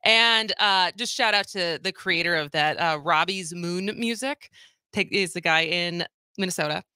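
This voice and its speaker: Bright-voiced woman radio talk host. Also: fairly low pitch, measured pace, clear, resonant tone, dry recording, studio quality. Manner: energetic, speaks to listeners directly. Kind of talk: radio talk show chat.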